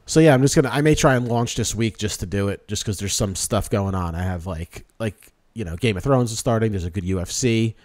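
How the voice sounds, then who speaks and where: Low-voiced man rambling on a podcast. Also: a little fast, hardly any pauses, no echo. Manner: rambling, animated storytelling with quoted asides. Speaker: podcast host. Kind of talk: casual chat.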